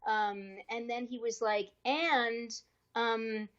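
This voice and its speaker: An actress being interviewed on a podcast, telling a career story in a casual, lively way and acting out the people she quotes with changing voices. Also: a little high, slow, highs cut off. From US East Coast. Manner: lively, acts out quoted dialogue with shifting voices.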